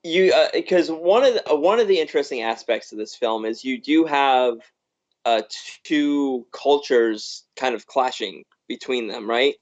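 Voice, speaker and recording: A man co-hosting a casual film podcast at a mid-range pitch. He rambles and restarts, circling his point with frequent "you know"s. The audio is dull and lo-fi. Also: animated, a little slow. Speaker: podcast co-host. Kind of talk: casual film review chat. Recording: muffled lo-fi live stream audio.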